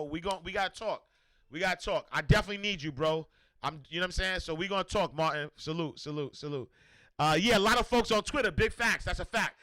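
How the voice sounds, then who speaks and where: A man from Harlem with a New York accent, hosting a casual livestream and talking in an animated, slangy, repetitive way. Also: sits high, no echo. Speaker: host.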